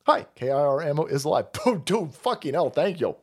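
A man's voice: fairly high pitch, sing-song, a little fast, hardly any pauses, breathy edge. Foul-mouthed sarcastic male ranter. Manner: swings into exaggerated mocking voices. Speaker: stream host. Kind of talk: ranting political commentary stream.

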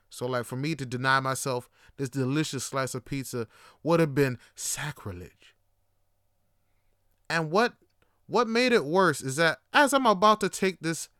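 A young man spins a comic anecdote in loose, slangy talk full of curses and fillers. His voice sits a bit high, with a crisp, smooth tone. It sounds dry and close to the mic. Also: no room sound. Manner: animated, profane, slangy, lots of fillers. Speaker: podcast host. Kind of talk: casual comedic storytelling.

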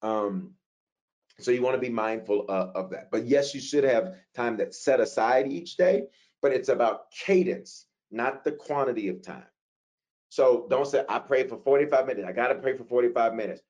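A man teaching as a pastor, reading out listener questions and answering them in a conversational, animated preaching manner. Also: medium pitch, moderate pace.

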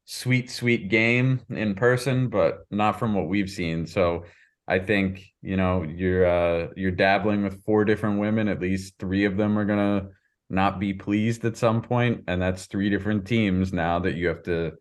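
Measured male podcast co-host. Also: deep voice, steady tone. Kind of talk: casual podcast chat.

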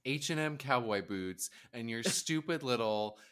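A man's voice: mid-range voice, animated, a little slow, a bit bright, clean tone. A man co-hosting a podcast in casual chat, ranting with heavy swearing and sarcasm. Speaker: podcast co-host.

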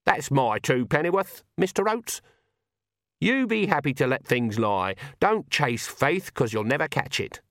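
A man's voice: mid-range voice, lively intonation, measured pace, no echo, pitched above the performer's own voice. A stern old witch , as a male narrator puts her on, preaches hard and blunt in a raised, pointed voice. She sounds like a fierce countrywoman from a storybook, and the reading is close and dry. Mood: quieter. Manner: forceful, preaching, sharp rural speech. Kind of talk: audiobook character voice.

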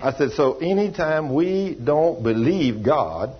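A storytelling preacher, a man with a rather high, husky voice, who slips into the voices of the people in his tales. The recording sounds dull and lo-fi. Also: lively intonation, slow. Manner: storytelling preacher acting out dialogue in a folksy drawl. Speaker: pastor. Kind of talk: sermon.

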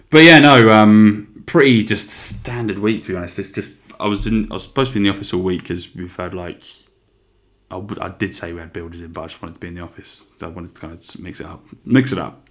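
Deep-voiced man rambling through a solo podcast. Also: a bit bright. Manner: rambling, swears freely, self-deprecating. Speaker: podcast host. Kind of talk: solo casual chat.

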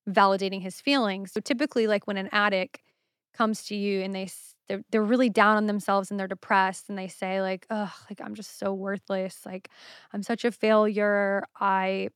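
Woman podcast host, solo show, candid and casual, smooth voice in a dry booth. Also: mid-range voice, fairly bright tone, no echo. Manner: candid, casual, swears freely.

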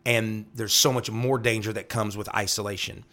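A man's voice: lowish voice, steady tone, normal speed, pushed and bright. A man speaking as a pastor, teaching from the Bible in an earnest way, repeating phrases and checking in with "right?". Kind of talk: devotional Bible teaching talk.

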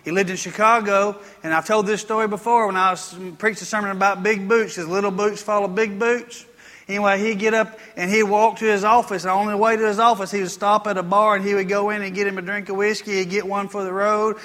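Male pastor, folksy sermon storyteller, bright tone, long hall echo. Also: high voice, little pitch movement, a little fast. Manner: folksy storytelling preacher, rising to emphatic preaching. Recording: long reverb of a church hall.

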